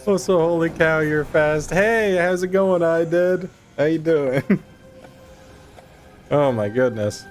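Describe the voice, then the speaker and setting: Excitable young male streamer, unhurried talk. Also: on the high side, soft background music. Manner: excitable, profane, exasperated ranting. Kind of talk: live gameplay commentary.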